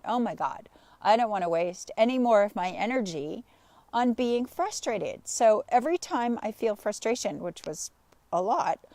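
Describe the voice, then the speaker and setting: A woman life coach on a live stream, telling an animated personal story and greeting viewers by name. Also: medium pitch, no room sound. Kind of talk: live-streamed motivational talk.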